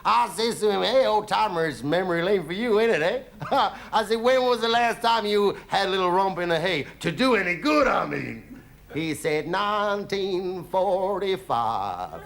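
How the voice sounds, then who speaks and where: A man's voice: sits high, lively intonation, normal speed, creaky, a bit bright, full character voice. A comedian playing a boastful, folksy American traveller with a put-on Southern drawl, whooping "ooh-wee" as he tells tall tales in a 1970s TV stand-up monologue. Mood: cheeky. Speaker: comedian in character. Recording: 1970s TV studio with audience noise.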